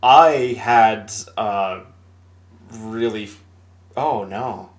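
A man's voice: on the low side, extremely slow. A man co-hosting a casual podcast chat, laughing often and hesitating with fillers. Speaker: podcast co-host.

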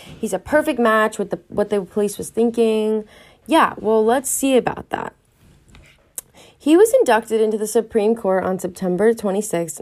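Young woman podcast host, casual true-crime storyteller, chatty, thinks out loud with plenty of filler words. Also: mid-range voice. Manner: chatty, wondering aloud, many fillers.

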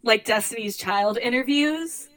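A young woman co-hosting a podcast, chatting casually and gossiping with quick asides. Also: fairly high pitch, fairly bright tone. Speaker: podcast co-host. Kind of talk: casual chat.

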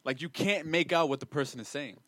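A man's voice: fairly high pitch, brisk, sharp tone, dry recording. A young man co-hosting a casual podcast chat, teasing his friends and laughing often. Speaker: podcast co-host.

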